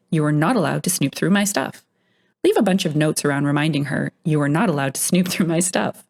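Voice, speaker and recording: Low, gravelly woman reading stories. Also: darkish tone. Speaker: narrator of online stories. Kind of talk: reading internet stories aloud.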